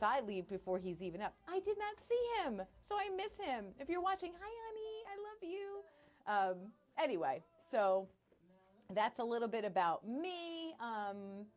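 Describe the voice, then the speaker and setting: A woman's voice: a little high, big pitch swings, moderate pace. A middle-aged woman radio host chatting casually on a live stream from her studio, bubbly and self-deprecating.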